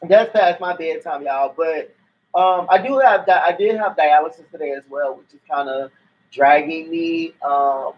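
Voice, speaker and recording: A tired man in his thirties talks casually to a home vlog's viewers, laid-back and joking. His voice sits a little high for a man. It comes through a dull, lo-fi laptop mic. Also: measured pace. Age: 30s. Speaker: guest on partner's vlog. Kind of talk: casual chat to camera. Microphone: laptop built-in mic.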